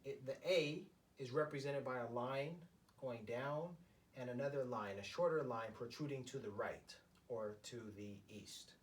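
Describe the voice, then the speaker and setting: A man teaches a beginner class at a whiteboard, pausing often and filling gaps with hesitant sounds. He talks at an unhurried, drawn-out pace. The mic is set at a distance, so he sounds removed. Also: mid-range voice. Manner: slow, halting explanation with many fillers. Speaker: language teacher. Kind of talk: beginner lesson at a board. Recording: voice from far off the mic.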